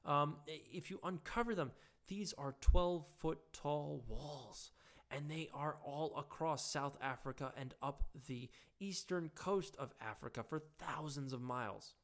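Man, fairly high voice, hoarse, halting casual monologue, stumbles and restarts. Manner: halting, with frequent restarts and fillers. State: hoarse, voice giving out.

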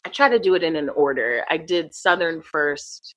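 Here the acting and accent teacher, a middle-aged woman, speaks in a deep voice at normal speed. She's animated in casual conversation, laughing often as she tells stories and drops into quoted voices. The recording is rough, with no room sound.

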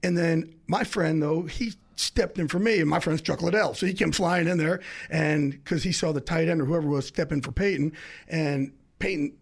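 A middle-aged man, a sports insider, telling a story as a podcast guest with fast, excitable delivery, acting out the other people in it. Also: a little high, vocal fry. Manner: fast, excitable, acts out quoted voices. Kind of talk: animated storytelling.

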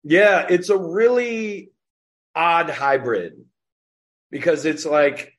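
Profane comedian with a slight Indiana drawl. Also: male voice, on the high side, slow pace. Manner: profane, animated storyteller. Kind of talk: casual podcast chat.

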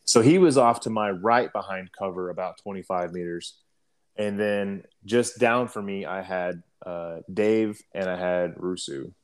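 Young adult man, lowish voice, casual profane storyteller, throat-clearing habit. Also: unhurried. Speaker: guest telling a war story.

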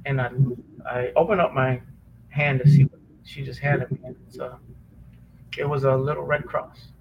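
Earnest man, halting and emotional. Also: medium pitch, fairly even intonation, creaky, dull audio, very noisy. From Chicago area. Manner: halting, earnest, many restarts and fillers. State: near tears, choked up. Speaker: podcast guest, former police officer. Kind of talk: emotional personal testimony.

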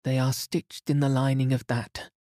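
A man's voice: mid-range voice, flat delivery, moderate pace, warm tone, no echo, clean studio sound, voice pushed up, close to an everyday voice. A man voicing a frightened, cornered woman who speaks shrilly and urgently. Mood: tense.

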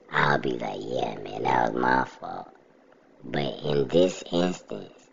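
A man's voice: low-pitched, creaky. A young man, telling a story in a laid-back, chuckling way during an interview. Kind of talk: casual storytelling. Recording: slightly muffled audio.

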